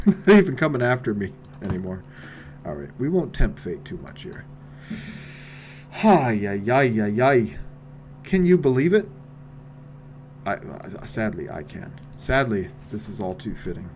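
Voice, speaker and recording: A man commentating his own game play with wry remarks, dropping to mutters and then shouting. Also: lowish voice, a little hiss or hum. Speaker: streamer.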